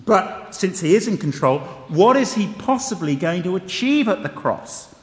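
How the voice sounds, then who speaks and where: High-voiced preacher in a reverberant hall. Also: male voice, sing-song, moderate pace. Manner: conversational, wry asides, emphatic repetition. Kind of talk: sermon. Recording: long reverb of a large hall.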